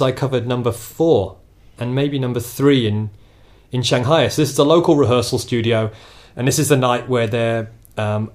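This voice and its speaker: A man hosting a podcast, chatting casually about local gigs in a rambling, self-deprecating way. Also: medium pitch. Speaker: podcast host.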